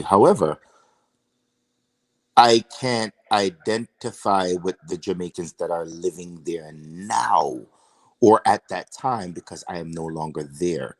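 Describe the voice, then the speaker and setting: A man's voice: sits low, animated, takes it slowly. A man hosting a casual discussion, reflective and posing rhetorical questions. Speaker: discussion host.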